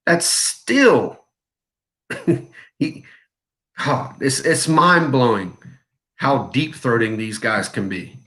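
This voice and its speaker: A man's voice: mid-range voice, animated, drawn-out words, long pauses, fairly bright tone. A man co-hosting a live fragrance show, ranting in a blunt, mocking and crude way. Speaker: co-host of a fragrance review livestream. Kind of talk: heated livestream rant.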